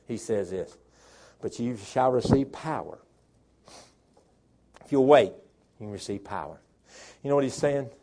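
A man preaching a sermon as pastor, dropping to quiet talk and rising to shouted preaching. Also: on the low side. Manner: swings from soft talk to shouted preaching, imitates a chainsaw.

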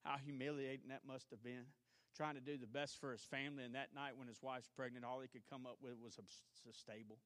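Southern preacher guy, bright ringing voice, dry close sound, goes from yelling to hushed stories. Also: mid-range voice, level tone, brisk, no echo. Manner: preaching, swings from shouting to hushed storytelling. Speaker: pastor. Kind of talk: sermon. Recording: archived church service.

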